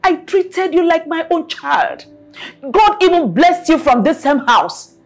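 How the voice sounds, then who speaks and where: A woman's voice: extremely high pitch, big pitch swings, measured pace, faint music behind, heavily acted. An actress with a Nigerian accent playing a stern, middle-aged wealthy mother who scolds the former maid in her house. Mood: reproachful. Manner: scolding, imperious. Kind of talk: Nollywood film acting.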